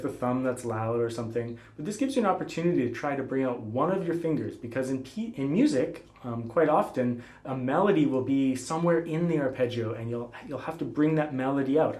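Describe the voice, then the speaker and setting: A man giving a classical guitar lesson, explaining technique calmly and patiently and calling out finger letters. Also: mid-range voice. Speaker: guitar teacher. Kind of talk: spoken instruction between playing. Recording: roomy sound with guitar playing.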